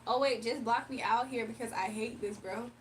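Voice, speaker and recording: A woman's voice: fairly high pitch, fairly even intonation, normal speed, recorded from a distance, slight background noise. A young woman hosting a casual livestream, chatting with viewers, reading their comments aloud and laughing often. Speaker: livestream host giving spiritual readings.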